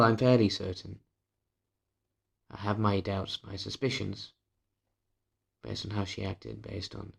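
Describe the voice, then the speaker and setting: A man recording a confessional vlog, speaking candidly and bitterly, swearing freely and often sinking to a hushed murmur. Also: fairly low pitch, gravelly, slightly rough. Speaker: vlogger. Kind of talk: confessional personal vlog monologue.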